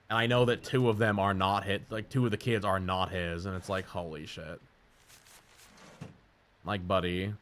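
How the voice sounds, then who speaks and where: A man's voice: fairly low pitch, a bit bright. A man streaming live, telling rambling, profane stories in casual chat.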